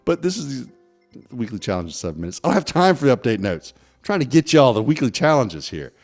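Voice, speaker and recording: A man's voice: medium pitch, fast, vocal fry, soft background music. A man giving casual, joking commentary over racing game footage. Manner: chatty, joking, lively. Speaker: gaming video host.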